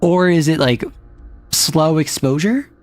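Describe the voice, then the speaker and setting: A young adult non-binary streamer chatting casually and rambling, often sliding between higher and lower voice registers. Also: slow pace, a little mellow, no echo, faint music behind. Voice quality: some gravel in the voice. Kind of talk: casual live-stream chat.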